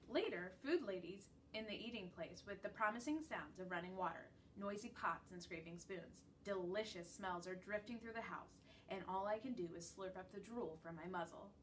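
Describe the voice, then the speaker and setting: A woman teacher gently reading a children's book chapter aloud to her class. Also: mid-range voice. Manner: gentle, storytelling read-aloud. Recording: distant mic with faint background noise.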